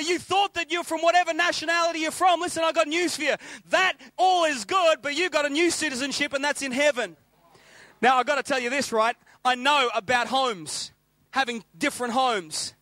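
A middle-aged man preaching with a very high, bright voice. He tells stories in an animated way and hammers home his points by repeating phrases. The sound is dry and close. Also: fairly quick, no room sound. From England, raised in Australia. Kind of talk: sermon.

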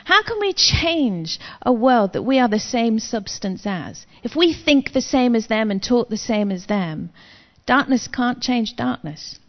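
A woman's voice: a little high, very animated, unhurried, hardly any pauses. A woman sharing a personal faith testimony in a chatty, frank, self-deprecating manner, like a sermon. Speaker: Christian speaker. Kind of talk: testimony-style preaching. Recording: long reverb, dull lo-fi sound.

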